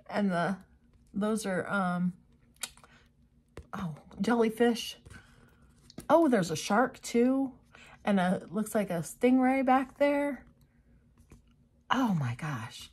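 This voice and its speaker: A woman's voice: mid-range voice, a little mellow. A woman craft vlogger giving casual unboxing commentary, gushing with exclamations and chatty asides to her viewers.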